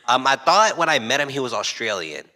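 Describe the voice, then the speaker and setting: A man's voice: mid-range voice, very animated, fairly quick, sharp tone. A young man co-hosting a podcast, telling stories in casual chat and acting out the voices of the people he quotes. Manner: joking storyteller who acts out quoted voices. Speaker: podcast co-host.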